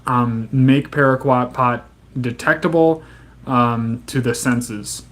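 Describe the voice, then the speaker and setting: A man's voice: medium pitch, fairly even intonation, slow. A man streaming live, reading to his chat and breaking into profane, exasperated rants that stay angry but joking.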